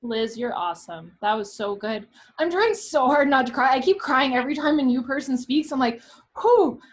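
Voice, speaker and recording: A woman's voice: sits high, expressive, brisk, a little hiss or hum. A woman hosting and moderating a group call in a casual, effusive way, with many fillers. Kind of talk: casual chat.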